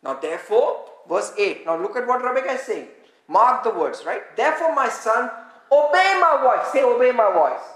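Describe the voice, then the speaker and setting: A woman's voice: on the high side, lively intonation, normal speed. A woman preaching a sermon, reading scripture aloud and having the congregation repeat words back to her. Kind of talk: interactive sermon, teaching with call-and-response. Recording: echoey room.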